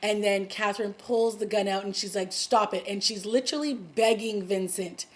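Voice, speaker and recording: A woman giving a casual recap of a TV episode, talking in a chatty way full of "like" and "you know" and getting excited at dramatic moments. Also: medium pitch, moderate pace. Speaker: TV show recapper.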